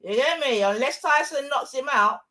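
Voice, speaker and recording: Excitable woman shouting fight calls. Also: high voice, moderate pace. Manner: excitable, shouting, slang-heavy. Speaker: watch-along streamer. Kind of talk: live fight commentary.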